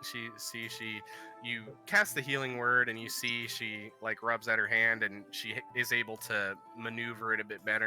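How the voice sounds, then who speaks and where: A man narrating as game master in a tabletop game, halting and full of ums and uhs. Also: medium pitch, level tone, sharp tone, soft background music.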